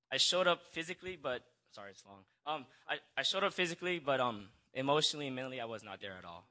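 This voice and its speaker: Nervous young man with a bright voice. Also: medium pitch. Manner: nervous and hesitant, full of restarts and apologies. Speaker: church member giving a testimony. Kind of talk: personal testimony. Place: church gathering. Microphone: handheld microphone.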